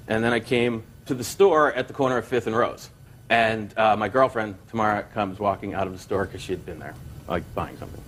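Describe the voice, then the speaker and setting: A man's voice: fairly low pitch, brisk, fairly bright tone, slight background noise. A man testifying in a courtroom, telling a long story and acting out quotes. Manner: rambling storyteller, quoting with gusto. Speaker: plaintiff.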